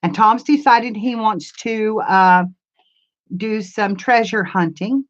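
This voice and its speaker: This is an older woman hosting a live stream for her crafts channel. She rambles in a homey way and answers her viewers' comments as they come in. Her voice sits at an ordinary middle pitch, and the webcam audio is dull and lo-fi. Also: takes it slowly. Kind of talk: casual live-stream chat. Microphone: camera mic.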